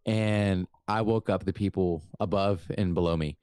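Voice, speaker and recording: Chatty guy chiming in, low voice, dry close mic. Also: steady tone, moderate pace, a little mellow, smooth, no room sound. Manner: chatty, laughs often and chimes in. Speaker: podcast co-host. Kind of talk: casual chat.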